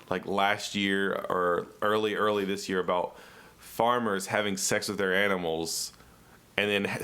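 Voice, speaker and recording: A young male comedian with a bright, forceful voice chats as a podcast guest. He tells his stories with lots of energy and acts out the lines of the people in them. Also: lowish voice. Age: young adult. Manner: animated storyteller, acts out quotes. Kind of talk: casual podcast chat.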